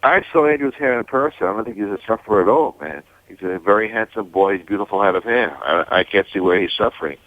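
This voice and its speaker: A man's voice: fairly low pitch, fast talker, few pauses, no echo. A male caller on a call-in show, whiny and pleading. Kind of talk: phone call-in. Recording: tinny phone line.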